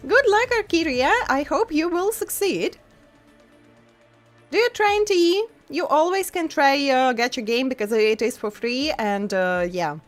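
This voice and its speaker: A woman's voice: high-pitched, animated, measured pace, soft background music. A woman streamer with a non-native English accent, chatting casually with her viewers, full of fillers and laughing often. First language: not English. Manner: chatty, frequent fillers and laughs, reads chat aloud. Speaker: VTuber streamer.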